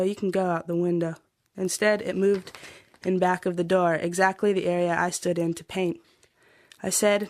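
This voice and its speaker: A woman reading a personal journal aloud in a quiet, even, intimate way. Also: on the low side, no room sound, clean studio sound.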